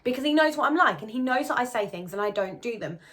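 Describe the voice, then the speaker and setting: A woman's voice: fairly high pitch, expressive, quick pace, fairly bright tone. Woman, twenties, vlogger, rambling casual chat, at home. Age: 20s. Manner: chatty and rambling, many "so"s and restarts. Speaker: lifestyle vlogger. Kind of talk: casual talk to camera. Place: at her home.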